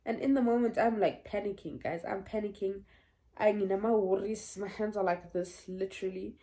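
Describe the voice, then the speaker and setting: A woman in her twenties telling a personal story to her viewers in a chatty, animated way. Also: medium pitch, normal speed. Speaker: vlogger. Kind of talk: story time vlog.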